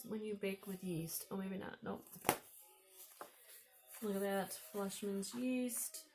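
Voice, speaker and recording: Woman vlogger with an Upper Midwest accent, slow and chatty, admiring her finds. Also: mid-range voice, music in the background. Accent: Upper Midwest American. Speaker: vlogger showing thrift finds. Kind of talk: casual show-and-tell.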